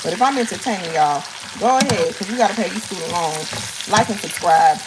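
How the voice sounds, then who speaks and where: A woman's voice: lowish voice, expressive, fairly quick, heavy background noise. A woman hosting a casual cooking live stream, joking and chatting playfully with her viewers as she cooks. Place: home kitchen. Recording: frying sizzle in kitchen.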